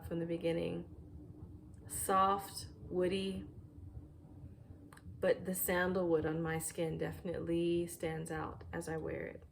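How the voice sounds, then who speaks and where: Woman chatting about perfumes at home, kinda low voice, lots of ums, faint hum behind. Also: vocal fry. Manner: thoughtful, searching for words with many ums. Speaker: fragrance reviewer. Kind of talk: casual product review. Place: home room with a fireplace.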